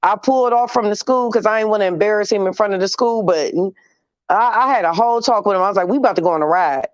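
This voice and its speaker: A woman's voice: medium pitch, fast talker, no room sound. A woman, animatedly telling a story on her livestream show, often humming "mm" and swearing freely. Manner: animated, swears freely, hums "mm" between phrases. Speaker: livestream host. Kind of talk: casual storytelling chat. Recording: dry, slightly dull lo-fi sound.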